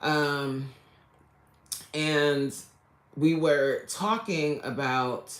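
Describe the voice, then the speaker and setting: A woman of middle pitch hosts a casual livestream, talking in a slow, unhurried way. She chats loosely with her viewers, greets them by name and jokes as she goes. The sound rings around an echoey room. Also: fairly bright tone. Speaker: livestream host and coach.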